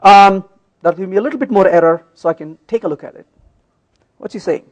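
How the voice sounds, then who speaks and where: A man's voice: high-pitched, a little fast, poor audio. A man giving a conference talk while live-coding, playful and teasing with the audience, often checking that they follow. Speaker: conference speaker. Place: conference hall.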